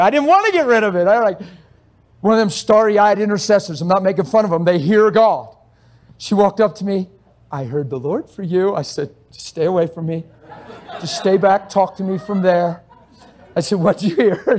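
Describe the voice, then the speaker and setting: A man preaching a sermon, telling stories with animated swings between loud exhortation and soft asides, often laughing as he goes. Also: high-pitched.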